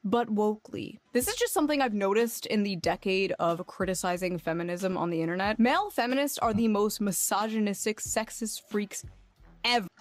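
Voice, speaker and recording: A woman's voice: mid-range voice, brisk, soft background music. A woman giving video commentary in a sarcastic, mocking manner.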